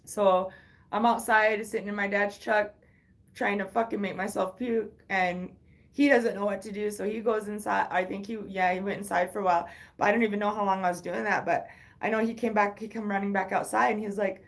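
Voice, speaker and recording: Gravelly, rambling woman storyteller. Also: mid-range voice, steady tone, brisk. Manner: candid, rambling, profane, with frequent restarts. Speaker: livestream host. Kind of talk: casual storytelling livestream.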